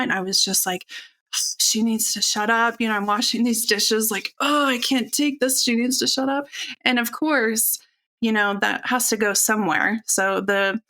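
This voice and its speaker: A woman in her forties speaking openly and earnestly as a podcast guest, telling a personal story in a relaxed, conversational way. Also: medium pitch. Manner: open, earnest, conversational with fillers. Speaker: podcast guest, functional nutritionist.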